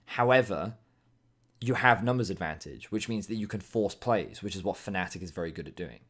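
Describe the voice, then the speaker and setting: A man's voice: deep voice, a bit bright. A man reviewing a video game match as an esports analyst, explaining plays in a casual way. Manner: explanatory, casual, breaks into quick impressions.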